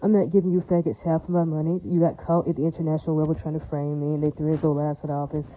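A woman's voice: deep voice, level tone, rapid-fire, mellow, rough recording. A woman delivering a heated, rambling monologue, repeating herself and circling back to the same verbal tics. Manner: heated and defiant. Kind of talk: ranting monologue.

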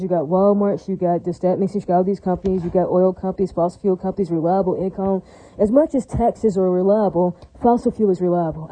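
A woman's voice: mid-range voice, warm tone, no echo, rough recording. A woman talking in a rambling, repetitive monologue to viewers, often tacking "right?" onto her lines and laughing between phrases.

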